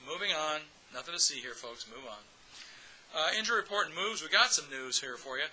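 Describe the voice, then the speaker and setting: A man's voice: fairly high pitch, sharp tone, slight background noise, low-quality recording. A man hosting a casual fan podcast, chatty and upbeat, speaking straight to his audience. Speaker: podcast host.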